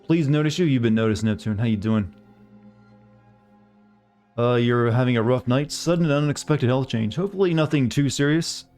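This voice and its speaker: A male game streamer with an average-pitched voice chats loosely with his live viewers. He rambles and greets them by name as he goes. Soft music plays faintly underneath. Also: fast talker, hardly any pauses. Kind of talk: casual chat with live viewers.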